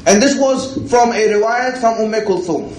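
A man's voice: sits high, moderate pace, a crowd in the background. A man preaching a religious sermon, repeating himself and asking "right?" as he goes. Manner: repetitive, rhetorical, often asks "right?". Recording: echoey room.

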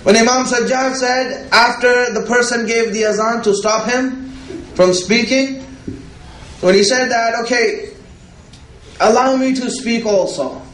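Male preacher, religious sermon, very high voice, unhurried, repetitive and rhetorical, echoey room. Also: fairly even intonation, a bit bright. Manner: repetitive, rhetorical, often asks "right?".

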